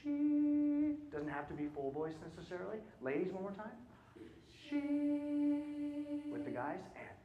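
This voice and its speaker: A man's voice: on the high side, expressive, normal speed, pauses often, highs cut off. Man coaching a choir in a roomy hall. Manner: questioning, checks in with frequent "right?". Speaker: choir clinician. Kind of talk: choral rehearsal coaching. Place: concert hall.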